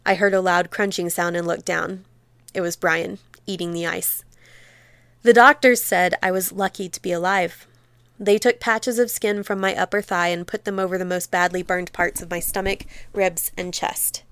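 Female teacher reading a memoir aloud. Smooth, clear voice, dry close sound, measured and expressive delivery. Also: fairly low pitch, no room sound.

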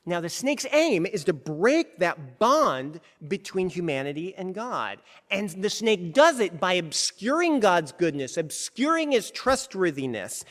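A man preaching a sermon in an animated, conversational way, with frequent restarts, to people gathered in a large hall. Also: high voice, unhurried, few pauses. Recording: long hall reverb.

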